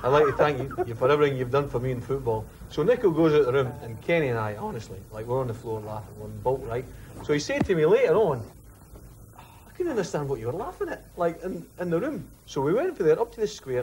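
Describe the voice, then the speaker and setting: A man, a former footballer telling a lively anecdote in an interview. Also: mid-range voice, fast talker, slight background noise. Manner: animated, mimics others while telling a story. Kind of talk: storytelling anecdote.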